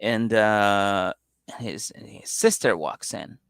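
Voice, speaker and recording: A man's voice: lowish voice, slow pace, gravelly, clean tone, dry recording, clean studio sound. A man co-hosting a podcast, recapping a reality show in casual chat, swearing, laughing and acting out the people he quotes. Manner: animated storyteller who acts out people's quotes, swears, laughs a lot. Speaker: podcast co-host.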